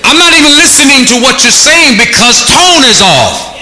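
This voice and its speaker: A middle-aged man preaching an energetic sermon, shouting in bursts and acting out different tones of voice. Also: very high voice, moderate pace, echoey room.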